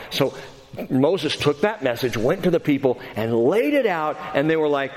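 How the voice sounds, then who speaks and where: Man, pastor, lively sermon, somewhat high voice, big swings in pitch, acts out quotes, long hall reverb. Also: moderate pace.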